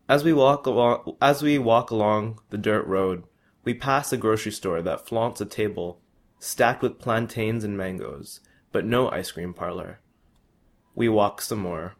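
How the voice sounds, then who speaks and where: A man's voice: fairly low pitch, measured pace, vocal fry. A young man earnestly reading his personal travel story aloud. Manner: earnest, with small restarts.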